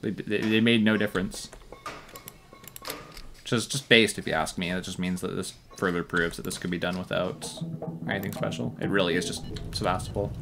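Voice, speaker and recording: A man's voice: low-pitched, fairly even intonation, fairly quick, gravelly, music in the background. A young man commenting on his own strategy game run, thinking aloud and swearing now and then. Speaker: gameplay commentator. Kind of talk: casual gameplay commentary.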